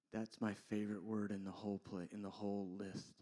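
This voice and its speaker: A man pastor preaching a sermon, moving from loud, impassioned appeals to quiet, intimate asides. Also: on the low side, level tone, a little fast, few pauses.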